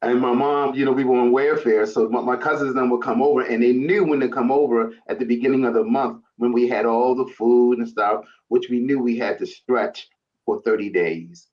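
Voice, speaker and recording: A man's voice: medium pitch, steady tone, normal speed. A man from Brooklyn, a guest on a talk show, reminiscing casually about family meals. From Brooklyn, New York. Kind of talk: casual chat. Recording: dull lo-fi sound.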